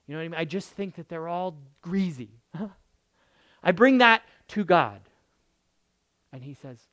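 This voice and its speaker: Pastor mid-sermon; emphatic, repeats key phrases, swings loud to hushed; dry sound. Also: mid-range voice, measured pace, no echo. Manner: emphatic, swinging between loud bursts and soft murmurs.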